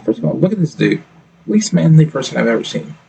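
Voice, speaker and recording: Gravelly-voiced streamer, blunt and profane, ranting reactions to clips. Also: male voice, fairly high pitch, big pitch swings, quick pace, warm tone, poor audio. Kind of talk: reaction commentary.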